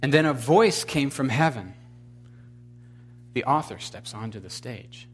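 A man's voice: medium pitch, expressive, measured pace, breathy edge. A man preaching a sermon with emphatic delivery. He questions his congregation, adds wry, blunt humor, and builds to fervent exclamations. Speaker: pastor.

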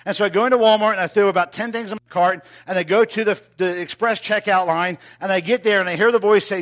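A man preaching, telling a personal story with animated, rising delivery that drops to quiet, intimate moments. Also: high-pitched, quick pace, few pauses. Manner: animated, builds to loud excited telling. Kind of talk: sermon storytelling.

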